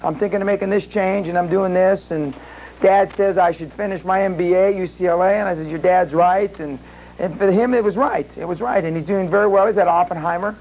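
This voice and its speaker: High-voiced man telling a rambling story. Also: fairly even intonation, fairly quick, a little mellow, highs cut off. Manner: rambling, many restarts and fillers. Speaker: seminar speaker. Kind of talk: storytelling to a live audience. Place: seminar room.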